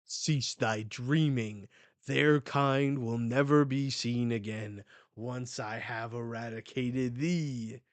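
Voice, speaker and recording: A man's voice: medium pitch, steady tone, slow pace, dry recording, lightly acted. A man reading out a cold archaic divine ruler. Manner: formal old-fashioned speech read aloud.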